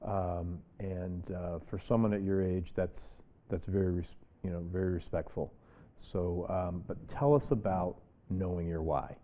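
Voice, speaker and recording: A man hosting an interview, prompting his guest in a slow, measured way. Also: low voice, steady tone, mellow. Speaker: podcast host. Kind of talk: interview conversation.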